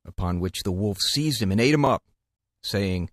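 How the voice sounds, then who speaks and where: A man narrating fables for an audiobook in a measured, expressive reading. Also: sits low, no room sound, studio quality. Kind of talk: scripted storybook narration.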